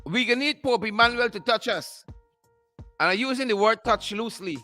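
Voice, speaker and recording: A man's voice: high-pitched, brisk, sharp tone, soft background music. A man hosting a political commentary show, mocking and repeating phrases for emphasis. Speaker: show host.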